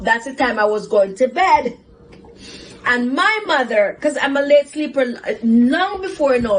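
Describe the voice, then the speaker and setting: A woman hosting a talk show, telling a personal story in a casual, animated way and giving life advice. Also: on the high side, slight background noise, rough recording. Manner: animated, laughs often while telling a story. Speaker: host, psychotherapist.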